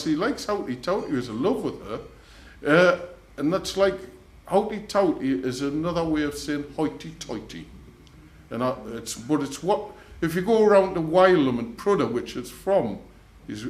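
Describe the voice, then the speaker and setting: A man, introducing a folk song with rambling, chatty storytelling. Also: on the high side. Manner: rambling, storytelling, quotes people in little voices. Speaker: folk club singer. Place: folk club room. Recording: echoey club room recording.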